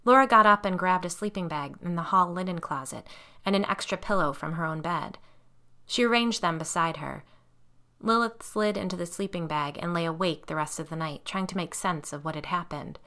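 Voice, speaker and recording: A woman reading an audiobook in a measured, suspenseful narration. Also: on the low side, pushed and bright.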